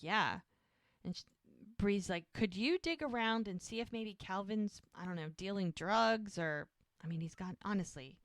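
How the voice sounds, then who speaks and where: A woman's voice: mid-range voice, fairly bright tone, no room sound, studio quality. A woman co-hosting a podcast, casually retelling scenes and briefly mimicking the characters' lines. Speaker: podcast co-host. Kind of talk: casual recap chat.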